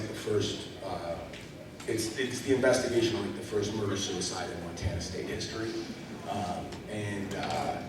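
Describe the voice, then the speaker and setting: A man with a fairly low voice tells stories in a loose, rambling way, full of fillers and restarts. He is picked up from a distance in a large, echoing convention hall, with steady background noise underneath. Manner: rambling, filler-heavy storytelling. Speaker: actor, panel guest. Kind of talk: casual convention panel Q&A. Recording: echoey hall from far off.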